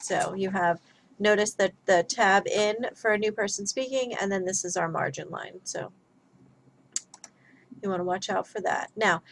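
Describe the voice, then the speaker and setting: A woman's voice: medium pitch, poor audio. A woman teaching a grammar lesson, explaining step by step in a chatty way.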